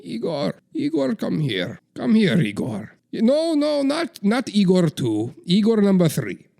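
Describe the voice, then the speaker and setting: A man's voice: sits high, wildly swooping pitch, measured pace, vocal fry, dark tone, full character voice. A man putting on a scheming old strongman leader. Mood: coaxing. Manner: coaxing, mock-sweet, gleeful about cruelty. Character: aging male strongman leader, scheming, bored, bullying.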